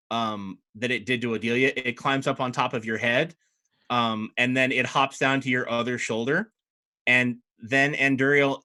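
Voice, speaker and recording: A man's voice: mid-range voice, pushed and bright. A man narrating as dungeon master in a loose, rambling way full of fillers. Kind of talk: narrating a tabletop game.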